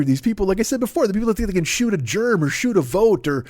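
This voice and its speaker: A man in his forties hosts his own comedy podcast, ranting solo in a profane, exasperated, animated way. His voice sits a little higher than most men's. The sound is close and dry, with no room around it. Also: fast, few pauses, no room sound. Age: 40s.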